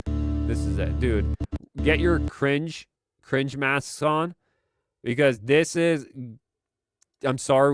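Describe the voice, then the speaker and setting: A man's voice: mid-range voice, dry recording, studio quality. A man hosting a live commentary stream, talking in a sarcastic, exasperated way. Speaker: streamer host.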